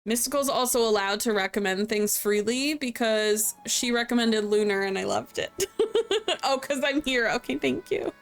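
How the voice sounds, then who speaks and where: A woman's voice: fairly high pitch, moderate pace, gravelly, faint music behind. A sleepy young woman streaming a game, joking around, laughing and chatting with her viewers. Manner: chatty, joking, laughs often, reads chat aloud. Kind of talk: casual live-stream game commentary.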